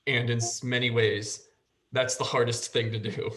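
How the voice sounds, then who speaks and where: A man's voice: medium pitch, flat delivery, moderate pace, bright, forceful tone. Man host, casual, steers a group chat with questions and easy laughter. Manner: prompting questions, laughs easily. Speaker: podcast host guiding discussion. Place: school podcast recording.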